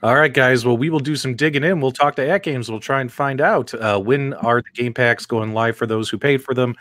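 A man's voice: medium pitch, brisk, fairly bright tone, dry recording. A man hosting a gaming podcast, talking animatedly and putting questions to his co-hosts. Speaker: podcast host. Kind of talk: casual podcast chat.

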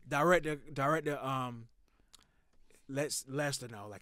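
A man in his thirties tells a story on a podcast, his voice pitched a little high and recorded dry and close. He talks with heat and swears freely, building the tale with animated energy. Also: normal speed, dry recording. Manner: profane, animated, heated storytelling. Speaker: podcast host telling a story. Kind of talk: casual storytelling.

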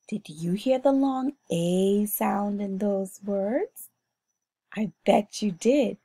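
A Bahamian woman teaching a phonics lesson to young children, sounding out words slowly and clearly in a sing-song way. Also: medium pitch, lively intonation, dark tone.

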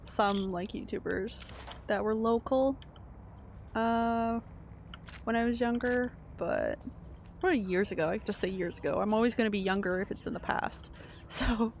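Giggly gravelly woman streamer. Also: mid-range voice, a little hiss or hum. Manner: chatty, giggly, reads chat aloud. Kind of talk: casual gameplay chat.

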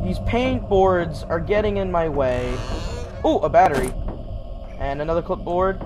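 A man's voice: a little high, expressive, unhurried, long pauses, background noise. A man giving casual horror gameplay commentary, jumpy, swearing often and talking to the game's characters. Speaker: gaming YouTuber.

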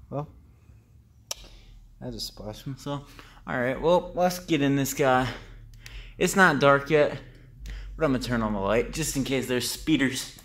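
Slight background noise accompanies a young man's medium-pitched, fairly bright voice, which moves at a measured pace and pauses often. He's a paranormal vlogger casually exploring a cold tunnel outdoors, rambling, short of breath and quick to startle at sounds.

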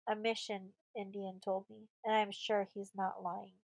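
A woman reading an audiobook voices an escaped young male captive with a husky, breathless voice. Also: medium pitch, little pitch movement, moderate pace, poor audio. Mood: urgent.

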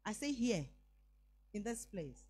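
A woman's voice: medium pitch, big pitch swings, slow, a little mellow, breathy edge. A middle-aged woman with a Nigerian accent, preaching a sermon and telling a personal story, slipping into Yoruba phrases. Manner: emphatic, voice rising on declarations.

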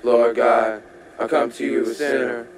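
A young man rapping in a steady flow over a beat, punctuating lines with "uh". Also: medium pitch, a little slow, reverberant, a crowd in the background. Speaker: rapper covering an album. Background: hip hop beat.

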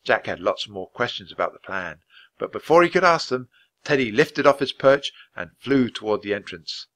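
Bright-voiced man reading a storybook. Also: medium pitch. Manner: clear, measured, expressive reading. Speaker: storybook reader. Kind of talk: reading aloud a children's book.

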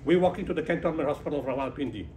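A man giving a humorous motivational speech to a business audience, telling animated stories, acting out dialogue and laughing at his own jokes. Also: a little high, racing, slight background noise. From South Africa. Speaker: keynote speaker, humanitarian founder. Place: conference hall before a business audience.

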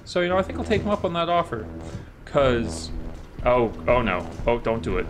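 A man's voice: mid-range voice, sing-song, moderate pace, over music. A man casually commenting on his video game playthrough, joking and talking back to the characters on screen. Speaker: gaming channel host. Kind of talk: let's-play commentary.

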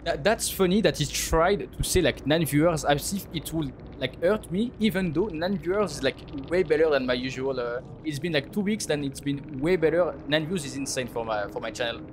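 A man's voice: fairly high pitch, animated, brisk, hardly any pauses, a little hiss or hum. A man, streaming a game live and mockingly teasing his opponents.

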